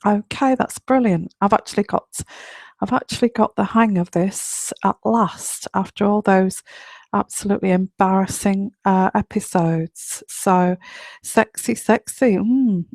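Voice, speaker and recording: A woman hosting a live online radio show as a tarot reader, talking in a quiet, whispery voice at home late at night, chatty and rambling with many fillers. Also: medium pitch, fairly even intonation, a little slow, no echo.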